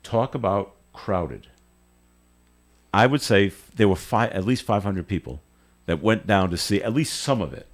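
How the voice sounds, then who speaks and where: A male radio host telling a long, animated story in a casual on-air chat, often restarting his sentences. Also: lowish voice, normal speed. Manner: rambling, animated anecdote with frequent restarts. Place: radio studio.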